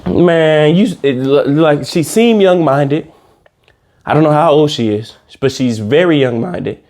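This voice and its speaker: A man hosting a comedic reaction video, ranting in casual slang and jumping into high mocking voices. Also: unhurried. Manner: animated, slangy, swings into high squeaky mock voices. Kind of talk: comedic rant reacting to a reality show.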